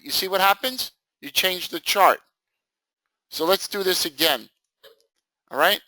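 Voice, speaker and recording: An upbeat man runs a live trading lesson in a high, bright voice. He talks loosely and jokes, often acting out what his students might say. The sound is dry and close. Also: no echo, poor audio. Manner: animated, jokey, acts out students' reactions. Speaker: trading instructor. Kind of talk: live screen-share training session.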